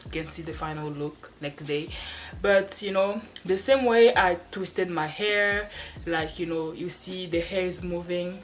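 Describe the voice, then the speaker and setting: A woman's voice: on the low side, a little slow, poor audio. A woman vlogger chatting casually to the camera at home, rambling along with frequent restarts and little laughs. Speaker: hair-care vlogger. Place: at home, seated in front of a wall. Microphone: camera placed off to the side.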